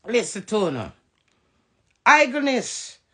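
A woman's voice: fairly high pitch, big pitch swings, bright, forceful tone, slightly rough. A Jamaican woman ranting heatedly and profanely on a phone live stream. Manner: heated, profane, fast-switching rant.

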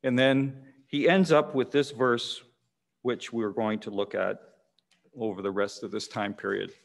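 A man, preaching a sermon in a measured way, repeating key phrases with pauses, in a church hall. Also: mid-range voice, steady tone, gravelly. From Canada. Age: 60s. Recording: long echoing church reverb.

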